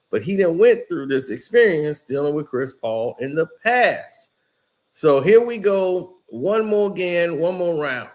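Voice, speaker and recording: A man's voice: a little high, lively intonation, measured pace. A man giving casual, rambling basketball commentary, telling the story in a loose way with lots of "you know" and "like".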